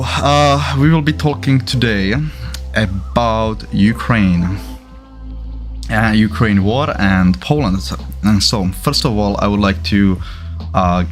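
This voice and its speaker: Chatty livestream host from czechia, halting and self-correcting, lowish voice. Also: male voice. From Czech Republic. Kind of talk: casual livestream commentary.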